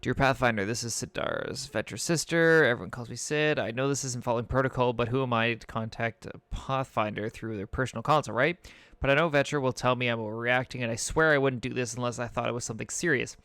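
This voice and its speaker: A man reading out the message of a worried young female alien in a plain, even voice. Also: medium pitch, quick pace, clean tone, dry recording, lightly acted.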